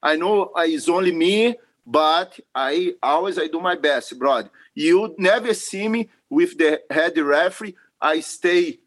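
Male guest, high voice, emphatic and earnest. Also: measured pace, a bit bright. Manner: earnest, broken non-native English, emphatic. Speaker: podcast guest, jiu-jitsu referee. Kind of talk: casual interview talk.

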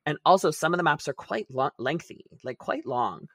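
A young man co-hosting a podcast, telling stories in a lively, profane way with bursts of laughter. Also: on the high side, normal speed. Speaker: podcast co-host. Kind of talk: casual chat.

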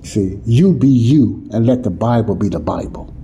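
A man's voice: lowish voice, animated, moderate pace, warm tone, slight background noise. A man teaching the Bible in a sermon, talking informally and often checking "you see what I'm saying?". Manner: informal, nonstandard grammar.

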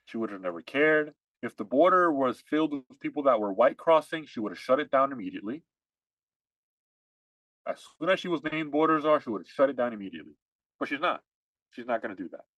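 A man's voice: mid-range voice, lively intonation, brisk, no echo, lo-fi sound. A man co-hosting a podcast, ranting emphatically in heated political chat and repeating his points. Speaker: podcast co-host.

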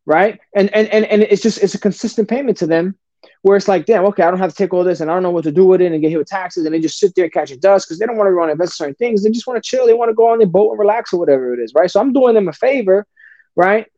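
A man guesting on a talk show, telling stories in an animated, casual way, full of slang and swearing. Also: sits high, very fast, dry recording. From New Jersey. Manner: animated, swearing, street slang, says bro a lot. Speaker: podcast guest. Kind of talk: casual storytelling. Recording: dull lo-fi dry sound.

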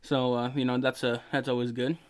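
A sleepy podcast host yawns as he casually recaps a video game's storyline, rambling with lots of fillers and swearing. His medium-pitched voice is level in tone and his pace is brisk.

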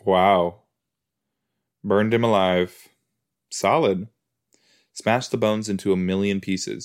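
A man casually reacting to a TV episode as a podcast host, rambling and excitable, often cutting himself off mid-thought. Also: on the low side, slow, pauses often, smooth. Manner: rambling, excitable, self-interrupting.

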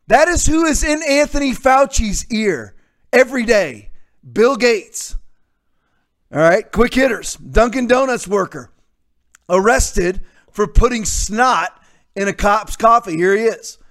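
Male host with a high-pitched voice, combative and sarcastic, prone to loud outbursts. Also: lively intonation, unhurried. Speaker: talk show host. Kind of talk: opinionated commentary monologue.

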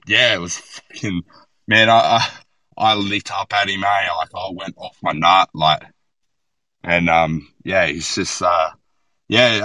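A man's voice: on the low side, dry recording, poor audio. A young Australian man, a podcast guest, telling stories bluntly with plenty of swearing. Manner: blunt, profane, animated storytelling. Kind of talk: casual podcast chat.

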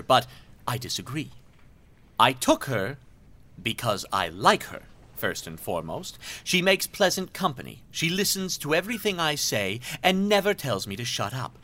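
A man's voice: medium pitch, sing-song, moderate pace, pushed and bright. An actor playing a pompous, self-serving male villain who talks in florid, mannered speech and laughs theatrically in an audio drama. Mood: musing.

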